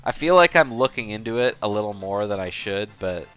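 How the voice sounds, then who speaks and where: Low-voiced man rambling to a stream chat. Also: brisk, clear, resonant tone, faint music behind. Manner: relaxed, rambling, talks to chat. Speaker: race commentator. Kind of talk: casual commentary.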